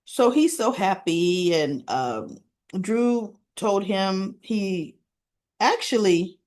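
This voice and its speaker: A woman's voice: mid-range voice, animated, very slow, darkish tone. A woman hosting a casual soap opera recap, retelling scenes and dialogue with chatty asides.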